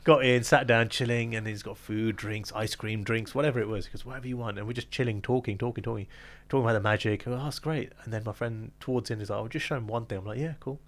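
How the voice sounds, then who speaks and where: Fast-talking animated male storyteller. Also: fairly low pitch. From London. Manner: animated, acts out quoted dialogue, laughs often. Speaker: magician guest. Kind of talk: casual storytelling in an interview.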